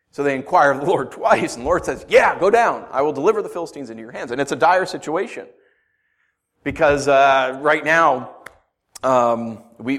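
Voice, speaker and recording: A middle-aged pastor with a mid-range, slightly bright voice preaches a sermon, reading scripture and then unpacking it loosely and conversationally with asides and jokes.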